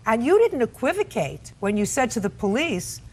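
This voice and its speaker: A woman's voice: a little high, sing-song, moderate pace. Blunt, cutting older woman judge. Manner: blunt, cutting, interrupts often. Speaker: TV courtroom judge. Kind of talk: stern courtroom questioning. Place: TV courtroom set.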